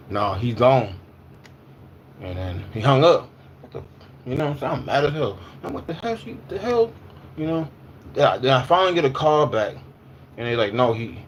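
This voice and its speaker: A man with a medium-pitched, fairly bright voice livestreams against slight background noise. Likely in his twenties or thirties, he talks loosely and slangily, repeats himself, and works viewers' comments into the conversation.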